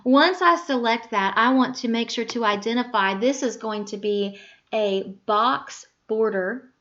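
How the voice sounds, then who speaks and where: Patient woman teaching a software tutorial. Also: on the high side, a little slow, dull audio. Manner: patient, talks through each click, self-correcting aloud. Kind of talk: screen-recorded software tutorial.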